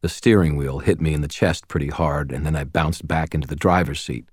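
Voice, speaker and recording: Man, audiobook narrator, very low voice, dry close sound, steady first-person storytelling. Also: fairly quick, husky, dry recording.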